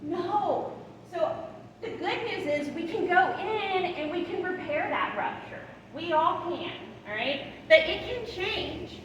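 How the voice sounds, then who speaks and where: High-voiced woman teaching in an echoey hall. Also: lively intonation, slow pace, dull audio. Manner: tags lines with "right?" and "all right?"; acts out soothing words to a child. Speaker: guest speaker on attachment. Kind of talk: training talk to foster and adoptive parents. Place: large hall. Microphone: room mic far from the speaker. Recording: echoey hall from far off, noisy.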